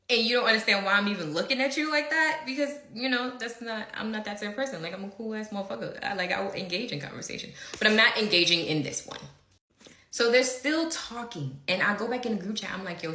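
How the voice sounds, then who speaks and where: A woman's voice: fairly high pitch, bright, forceful tone. Profane, laughing young woman in an echoey room. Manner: blunt, profane and laughing, with quoted dialogue. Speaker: storyteller. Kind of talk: casual storytime monologue.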